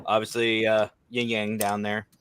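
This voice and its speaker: A man, a guest paranormal investigator, chatting on a video call in an animated, joking way. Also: fairly low pitch, normal speed, clear, resonant tone. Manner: animated, laughing, jokey. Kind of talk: casual video chat.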